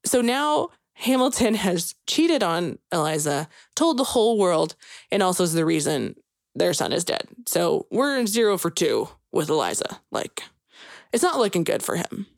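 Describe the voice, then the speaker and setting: A young woman chatting casually as a podcast co-host, her mid-pitched voice recorded close and dry. She tells stories in a loose, rambling way, leaning hard on "like" and "you know," and gushes when something moves her. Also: no room sound. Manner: chatty, filler-heavy storytelling full of "like" and "you know"; gushing and emotional when recounting sad moments. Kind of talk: casual chat.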